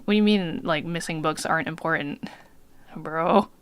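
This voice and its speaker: A woman's voice: deep voice, moderate pace, clean tone, dry recording. A woman streamer chatting casually while playing a game. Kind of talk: casual live game commentary.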